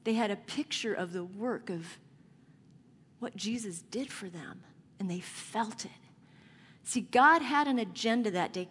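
A woman's voice: mid-range voice, measured pace, long pauses, a little hiss or hum. A middle-aged woman preacher telling a family story in an earnest, conversational sermon. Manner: earnest, conversational anecdote building to emotion. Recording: long hall reverb.

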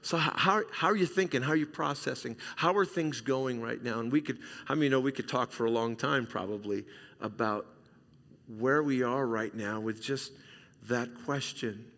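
A middle-aged male pastor from Southern California preaching a sermon, emphatic and repetitive, swinging between loud and hushed. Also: medium pitch, normal speed, vocal fry. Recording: reverberant hall sound.

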